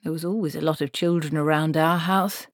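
Lady doing a tired grumbly old wizard guy, lowish voice, dry sound. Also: steady tone, a little fast, dry recording. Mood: weary. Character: elderly weary male wizard, grumbling.

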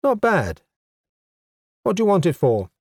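A man reading a story aloud, voicing a sharp-tongued, teasing female advisor with a sardonic, mocking manner. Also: high-pitched, huge pitch swings, unhurried, no room sound, studio quality, voice pushed up, exaggerated voice. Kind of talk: audiobook character voice.

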